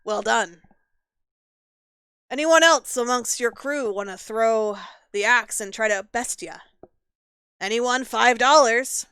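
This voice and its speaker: A woman voicing a brash male carnival barker with loud, hustling patter. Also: a little high, takes it slowly, pauses often, clear, resonant tone, no echo.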